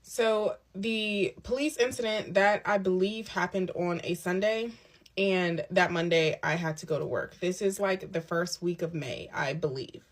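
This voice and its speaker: A woman telling her own story in a casual storytime monologue, candid and emphatic, with quick asides. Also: fairly low pitch. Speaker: storyteller recounting a personal ordeal. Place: lives on a military base abroad.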